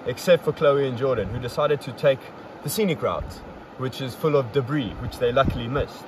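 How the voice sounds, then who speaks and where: With a brisk, medium-pitched delivery, a young man hosts an outdoor podcast about his river trip, sounding upbeat and teasingly boastful. A faraway mic picks up the surrounding street traffic.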